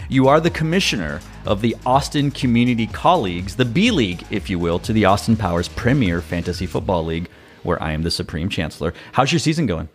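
A man's voice: fairly low pitch, lively intonation, fast, faint music behind. A man hosting a podcast in casual interview chat, teasing and joking with his guest. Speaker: podcast host.

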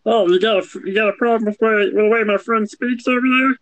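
A man voicing a loud, confrontational male tavern patron. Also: high-pitched, fairly even intonation, fairly quick, no room sound. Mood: challenging. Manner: pushy and confrontational, then placating.

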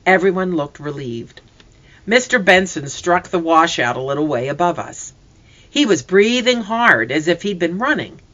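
Expressive storybook reader, lively pitch. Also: normal speed, muffled recording. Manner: expressive, reads characters' voices. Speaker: narrator. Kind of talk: storybook reading aloud.

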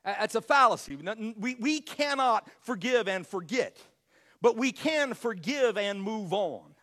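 A man preaching a sermon as pastor, emphatic, repeating his words and swinging between loud and quiet. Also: high voice, expressive, measured pace.

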